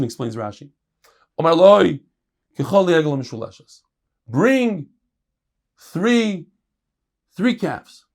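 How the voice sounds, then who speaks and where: A middle-aged man, a rabbi teaching a Talmud lesson, reading Hebrew and Aramaic passages and explaining them in English with lively emphasis. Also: measured pace, long pauses. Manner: animated, jumps in pitch and volume for emphasis.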